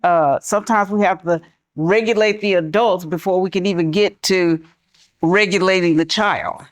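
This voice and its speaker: A middle-aged woman who works in schools, speaking conversationally on a panel and softening her voice for examples. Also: on the low side, normal speed. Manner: conversational, relaxed, drops to a soft calm voice for examples. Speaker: school mental health professional. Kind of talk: panel talk.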